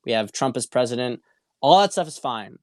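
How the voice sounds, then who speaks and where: A male host talks through viewer questions on a casual livestream, blunt and sometimes profane, repeating his points. His voice is smooth and resonant at a middling pitch. The sound is dry and close, with almost no room behind it. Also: lively intonation, a little fast, dry recording. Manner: blunt and profane, with frequent repetition and restarts. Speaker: show host.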